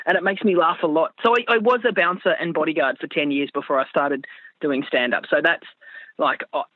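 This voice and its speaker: Australian woman guest, brisk and blunt, dry muffled line, quick delivery. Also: low voice, dry recording. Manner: blunt, laughs easily, swears casually. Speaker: comedian guest. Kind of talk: casual interview chat.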